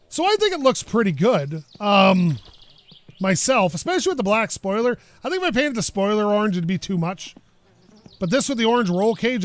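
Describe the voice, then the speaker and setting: A man chatting casually while playing a car game, rambling and self-deprecating, his voice a bit worn. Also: high-pitched. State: losing his voice. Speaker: gaming YouTuber. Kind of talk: casual gameplay commentary. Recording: noisy game audio behind voice. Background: car engine and game ambience.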